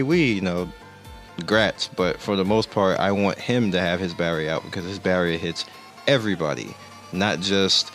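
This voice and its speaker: A man's voice: low voice, a bit bright. A man giving casual, rambling gameplay commentary as a game reviewer, often correcting himself, with the hiccups. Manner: rambling, self-correcting, laid-back. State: has the hiccups.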